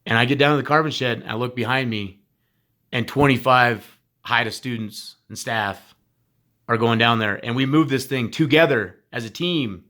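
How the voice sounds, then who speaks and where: A man's voice: mid-range voice, moderate pace, bright, forceful tone. A man, a former teacher, giving a heartfelt, informal recorded message to graduates, emphatic and blunt with casual swearing.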